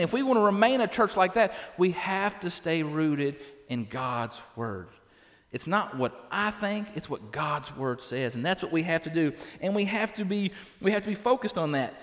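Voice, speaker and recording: Pastor in the pulpit, a man with a high voice, talking plainly to his congregation; church reverb on the sound. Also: fairly bright tone. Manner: conversational, tags lines with "right?". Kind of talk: sermon.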